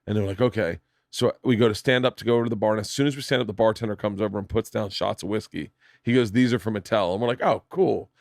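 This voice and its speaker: A podcast host in casual chat, telling animated anecdotes and putting on the voices of the people in them. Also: male voice, on the low side, fast, creaky, no room sound, studio quality.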